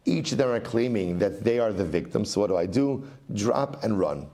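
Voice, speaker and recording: A middle-aged man, a rabbi, giving a Talmud study lecture in an animated way, repeating phrases for emphasis and weaving in Aramaic and Hebrew. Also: on the low side, normal speed.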